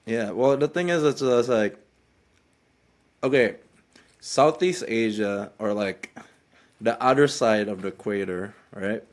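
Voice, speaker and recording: A man's voice: fairly low pitch, unhurried, pauses often. Indonesian man chatting, searching for words. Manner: sympathetic, brief backchannels, searches for words. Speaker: podcast co-host. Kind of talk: casual chat.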